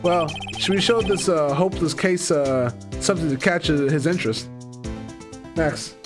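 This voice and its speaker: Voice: medium pitch, moderate pace. A streamer casually commenting on a game and reading its dialogue aloud in a jokey manner, swearing often. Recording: game music playing behind.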